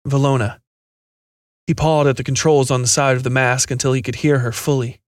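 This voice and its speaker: A man's voice: mid-range voice, steady tone, fairly quick, no room sound, clean studio sound. Man narrating a sci-fi horror story. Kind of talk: scripted horror fiction narration.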